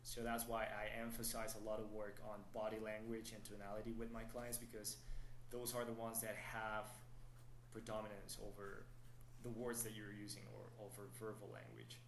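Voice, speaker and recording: A man's voice: fairly low pitch, normal speed, slight background noise. Man explaining in an echoey room. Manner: explanatory, steady, asks "right?" often. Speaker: dating coach. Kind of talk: podcast interview, explaining.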